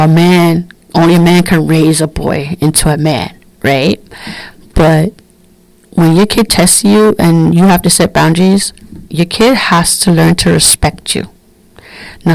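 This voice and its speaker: A woman's voice: fairly low pitch, gravelly, no echo, poor audio. A middle-aged woman, telling candid stories bluntly as a podcast host. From Brooklyn, New York. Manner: candid, blunt, animated storytelling. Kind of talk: casual storytelling monologue.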